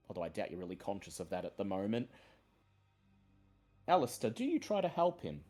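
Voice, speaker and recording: A man narrating a tabletop horror game as game master, in slow, dramatic storytelling. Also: fairly low pitch, huge pitch swings, warm tone.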